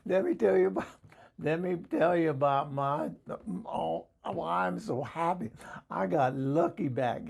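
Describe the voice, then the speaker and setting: Man in drag voice as a middle-aged Southern hillbilly woman, husky, overexcited comic vlogger. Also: on the high side, darkish tone. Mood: overjoyed. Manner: gushing, rambling, laughs a lot. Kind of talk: comic character vlog.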